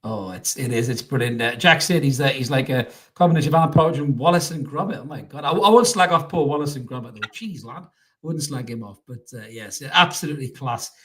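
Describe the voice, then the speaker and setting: Co-hosting a live football podcast's post-match reaction, a man talks quickly in a mid-range voice. He jokes and swears freely, repeating words when he gets excited.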